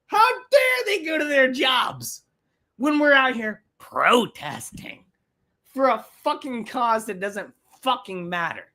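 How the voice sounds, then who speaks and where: A woman putting on a self-righteous protester voice, chanting and shouting in a sing-song way. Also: a little high, very animated, slow pace, heavily acted. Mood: whiny mocking.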